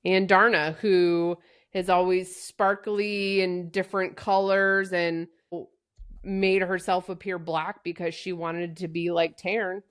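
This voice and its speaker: A woman co-hosting a book podcast, calmly explaining details and setting the record straight in casual talk. Her voice is somewhat low. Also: slow pace, clear, resonant tone. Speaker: podcast co-host.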